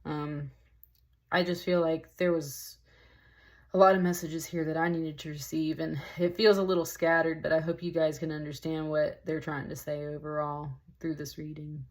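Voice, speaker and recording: A woman with a low-pitched voice talks through a tarot reading in a loose, rambling way. She sounds emotional and slightly tearful, and she keeps dropping in "like" and "y'all" as she goes. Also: flat delivery, moderate pace. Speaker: tarot reader. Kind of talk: casual spoken tarot reading.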